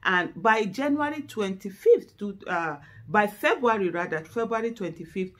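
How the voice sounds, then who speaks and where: A middle-aged Nigerian activist with a Nigerian accent speaks to camera in a mid-range voice, animated and at a moderate pace. Her speech is impassioned and emotional, fervent and rising to exasperated outbursts, and she seems tearful and close to breaking down.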